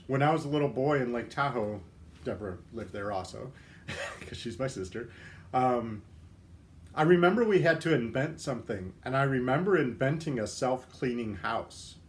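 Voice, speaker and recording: A man's voice: mid-range voice, slight background noise. Chatty man hosting a casual livestream. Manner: chatty, self-deprecating, joking asides. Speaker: livestream host. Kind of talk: casual chat answering viewer comments.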